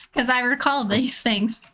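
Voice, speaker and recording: A woman's voice: high voice, pushed and bright. A woman playing in a tabletop game, teasing the others. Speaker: player. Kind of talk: casual tabletop play.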